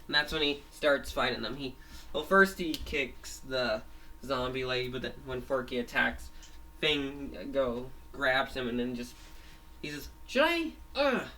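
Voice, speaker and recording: A man's voice: medium pitch, steady tone, measured pace, sharp tone, distant mic, a little hiss or hum, low-quality recording. A man retelling a made-up episode in a rambling way, full of restarts. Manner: rambling, many restarts and fillers. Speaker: storyteller.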